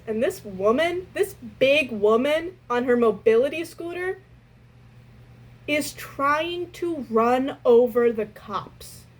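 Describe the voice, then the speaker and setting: A young adult woman casually telling a story from her restaurant job, animated and exasperated. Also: fairly high pitch, rough recording.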